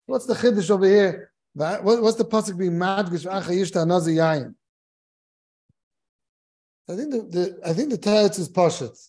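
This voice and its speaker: A man's voice: high voice, brisk, few pauses, a little mellow. A man who is a rabbi giving a Torah class in a study hall, telling a humorous story and chuckling as he goes, mixing Hebrew and Yiddish terms into his English.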